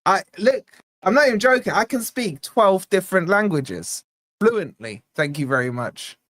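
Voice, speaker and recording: A man's voice: high voice, animated, moderate pace, a bit bright, no echo. A young man hosting a live football watch-along, bantering with the chat and reading out donation messages in a jokey way. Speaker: fan channel host.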